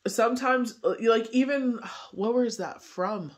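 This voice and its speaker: This man's voice is very high, and he takes his time. Working as a tarot reader and medium, he talks through a casual forecast from the cards, wandering off track and filling his speech with fillers.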